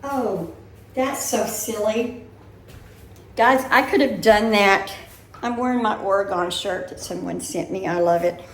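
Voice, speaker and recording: An older woman talks casually to her viewers and wanders from one worry to the next. She speaks slowly, and her voice rings in a roomy living room with faint noise underneath. Her pitch sits in an ordinary middle range. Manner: chatty, rambling, talks her worries through. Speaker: vlogger. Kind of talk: casual chat.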